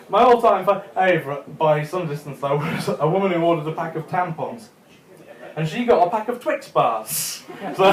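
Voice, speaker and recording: A young man doing a chatty stand-up set in a comedy club, chuckling at his own jokes. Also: high-pitched. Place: comedy club room with a live audience. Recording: echoey club room.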